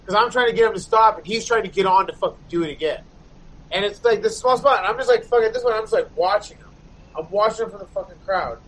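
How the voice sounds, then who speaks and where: High-voiced man telling a rambling profane story. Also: fast talker, fairly bright tone, breathy edge, poor audio. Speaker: touring band member telling a story. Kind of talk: casual chat.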